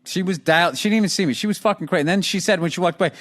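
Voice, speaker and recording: Profane, animated Boston man. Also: sits high, racing. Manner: profane, animated storytelling, laughs often. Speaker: podcast host. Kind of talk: casual chat.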